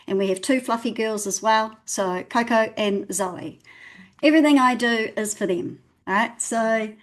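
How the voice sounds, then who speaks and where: A woman's voice: a little high, unhurried. Bubbly middle-aged New woman. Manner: bubbly, self-deprecating, openly nervous. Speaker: guest. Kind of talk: casual podcast interview.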